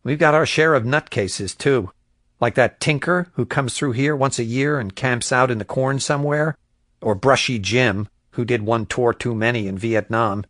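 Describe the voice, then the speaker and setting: A man's voice: medium pitch, normal speed, a bit bright, no echo, clean studio sound, natural voice. A man voicing a sarcastic, gossipy young woman from a small town in an audiobook. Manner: snarky, wisecracking.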